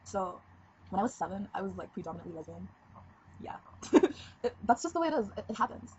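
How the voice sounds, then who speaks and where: Talking fast with big pitch swings, a teenage girl of seventeen opens up in a casual confessional vlog, her medium-pitched, darkish voice rambling and giggly. The sound is dull, lo-fi webcam audio with a bit of background noise.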